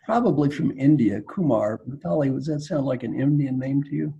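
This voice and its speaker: Coaching leaders in an online storytelling Q&A, a man brings his stories to life by acting out characters. He speaks a little fast in a mid-range voice with vocal fry and slight roughness, over dull audio.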